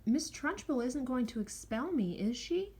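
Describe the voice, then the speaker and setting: A woman's voice: on the high side, animated, moderate pace, breathy edge, pitched above the performer's own voice. A woman voicing an earnest, insistent little schoolgirl in a storybook reading. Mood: pleading.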